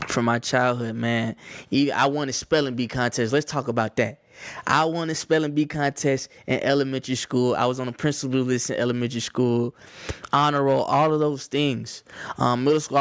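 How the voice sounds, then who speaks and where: Young man, Atlanta accent, easygoing vlog storyteller, middle pitch, dry close mic. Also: no echo. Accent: Atlanta Southern US. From Atlanta, Georgia, US. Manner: conversational, repeats phrases, loose slang. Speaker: vlogger. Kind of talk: casual storytelling to camera.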